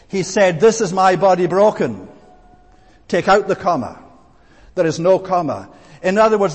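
A man preaching a sermon in an earnest, emphatic and deliberate way. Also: high-pitched, long reverb tail.

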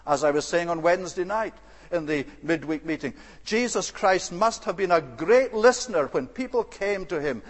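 A high-pitched man preaches a sermon in an earnest, deliberate, expressive way, now and then dropping in hesitant fillers. A long reverb hangs on the sound, as if recorded in a church hall.

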